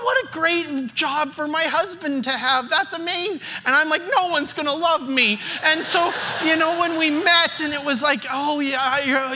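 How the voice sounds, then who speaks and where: Pastor guy preaching, high bright voice, stumbles and repeats words a lot. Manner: conversational, repeats words when starting phrases. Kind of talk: sermon. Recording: long hall reverb.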